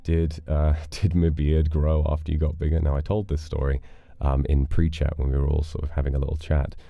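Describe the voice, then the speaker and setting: With a very deep, gravelly voice and a brisk pace, a man from the UK runs a livestream, bantering playfully and thanking viewers for donations in a relaxed, chatty way with dramatic flourishes. There's no echo, the highs are cut off, and faint music sits behind him.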